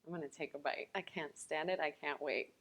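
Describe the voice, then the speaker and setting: A woman's voice: low-pitched, a little fast, fairly bright tone. A woman chef teaching a cooking lesson in a kitchen, chatty and enthusiastic, talking straight to the viewers.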